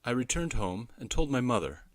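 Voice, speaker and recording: Expressive man narrating a children's story. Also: mid-range voice, brisk, no room sound.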